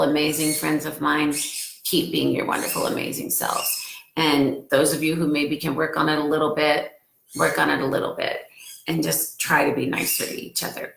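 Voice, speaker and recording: Earnest, emotional woman in her 40s doing a home live stream; low, gravelly voice in an echoey room. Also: a bit bright. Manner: emotional, earnest, gets choked up. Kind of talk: casual live-stream talk to followers.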